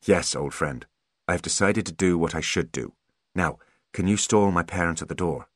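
A man voicing a calm, self-assured teenage boy genius in an audiobook, dry in tone. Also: low voice, normal speed, no room sound. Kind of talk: audiobook character voice.

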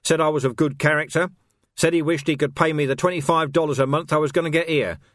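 A man reading an audiobook, voicing a tough, gruff male police sergeant who talks firmly and bluntly. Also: fairly high pitch, steady tone, fast talker, fairly bright tone, no room sound, studio quality, pitched above the performer's own voice, natural voice. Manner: firm and blunt.

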